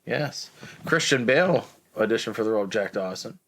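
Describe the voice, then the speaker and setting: Guy on a movie podcast reading trivia, kinda low voice, little background hiss. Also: animated, brisk, fairly bright tone. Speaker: podcast co-host. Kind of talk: casual movie trivia chat.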